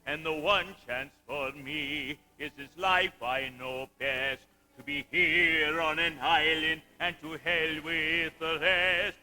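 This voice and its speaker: A teenage boy playing an earnest, heartbroken middle-aged French planter in a school stage musical. The voice is high for a man and very bright and piercing. He pleads emphatically and moves into sung lines. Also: steady tone, slow, faint music behind, heavily acted. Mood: singing. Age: late teens. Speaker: student actor in a school musical. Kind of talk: amateur stage musical acting and singing.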